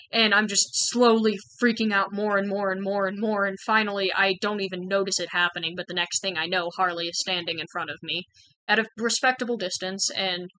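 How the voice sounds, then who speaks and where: A woman's voice: mid-range voice, fairly even intonation, fairly quick, sharp tone, dry recording, low-quality recording. A young woman candidly telling a personal story in a frank, conversational way, full of "like" and "um". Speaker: channel host sharing personal experience.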